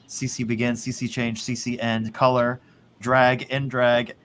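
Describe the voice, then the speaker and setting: A man's voice: mid-range voice, little pitch movement, unhurried, fairly bright tone, slight background noise. A man in casual chat, rambling, swearing and laughing often. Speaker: podcast host.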